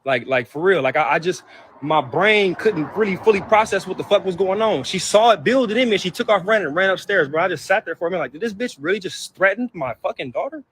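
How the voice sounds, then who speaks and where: A man's voice: sits high, quick pace, a bit bright, slight background noise. A man vlogging, hurt and upset, venting about family in heated, profane outbursts that keep circling back. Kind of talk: emotional personal venting to camera.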